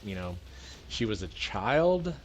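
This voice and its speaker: A man hosting a geek news podcast, going through the news in a calm, matter-of-fact casual chat with dry humor. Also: lowish voice, slow, a little hiss or hum. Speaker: podcast host presenting news.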